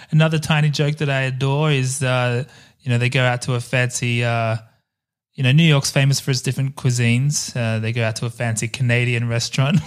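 Brief: male podcast host, mid pitch, excitable and profane, laughs a lot. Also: fairly quick, clear, resonant tone. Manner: enthusiastic, laughing, swearing freely. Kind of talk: casual chat.

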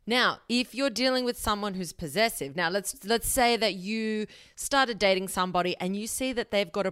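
A woman hosting a podcast, giving blunt, animated advice and swearing freely. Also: fairly low pitch, clean tone, dry recording, clean studio sound. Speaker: podcast host. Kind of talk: casual advice monologue.

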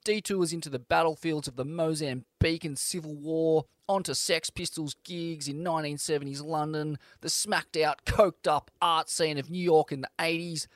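A man's voice: on the high side, steady tone, normal speed, hardly any pauses, dry recording, studio quality. A man giving a recorded episode introduction in a brash, profane, admiring manner. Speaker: show host, intro.

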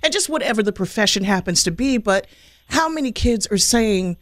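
High-voiced, hoarse male host. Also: animated, brisk, fairly bright tone, no echo. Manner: affirming, encouraging, frequent agreement. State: losing his voice. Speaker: program host. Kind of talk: hosting a panel discussion.

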